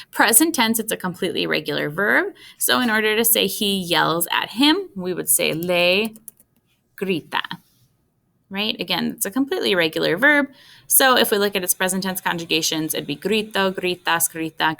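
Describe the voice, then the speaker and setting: A woman's voice: mid-range voice, vocal fry, sharp tone. A woman teaching a recorded Spanish lesson, explaining step by step and checking in with her students.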